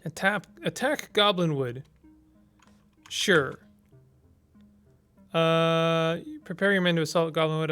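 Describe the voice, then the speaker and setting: A man's voice: on the high side, slow pace, long pauses, fairly bright tone, clean tone, faint music behind. A man casually commenting as he plays a text-based strategy game, reading its text aloud and thinking through his moves with small hesitations.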